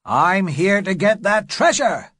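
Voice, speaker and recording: A man voicing a greedy, defiant pirate leader who talks in a forceful, blustering way in an audiobook. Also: sits high, big pitch swings, takes it slowly, no room sound, studio quality, voice pushed up, full character voice.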